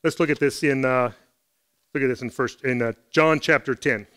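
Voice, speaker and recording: A man's voice: medium pitch, normal speed, a bit bright, clean tone. A man preaching a Sunday sermon in church, talking earnestly and conversationally as he reads and explains scripture. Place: church service.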